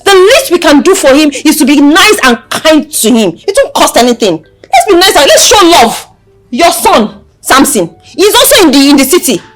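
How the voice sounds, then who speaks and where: An actress with a Nigerian accent playing a loud, preachy young woman who scolds and lectures her mother. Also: high voice, sing-song, moderate pace. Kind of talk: Nollywood film acting. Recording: film audio with music score.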